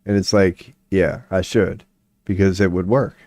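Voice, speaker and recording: Rambling man with a hoarse voice. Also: low voice, level tone, a little slow, darkish tone. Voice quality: voice going hoarse from long streams. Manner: rambling, swears casually, laughs often, reads chat aloud. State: hoarse, clearing throat. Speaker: streamer doing tarot readings. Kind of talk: casual live-stream chat.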